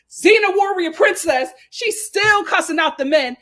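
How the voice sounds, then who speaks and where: On her own YouTube channel, a woman recaps a reality show in a high-pitched, unhurried voice with hardly any pauses. Her storytelling is dramatic and animated, full of sassy, playful slang and frequent laughter.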